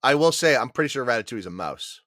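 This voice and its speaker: A man's voice: medium pitch, animated, quick pace, a bit bright, no echo, studio quality. A man co-hosting a movie podcast, casual and laid-back, swearing freely. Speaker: podcast co-host. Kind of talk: casual chat.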